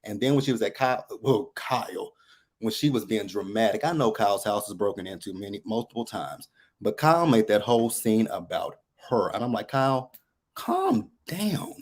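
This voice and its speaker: Here a man with a lowish voice phones a talk show and chats casually at a brisk clip. He drives his points home hard, firing off one rhetorical question after another.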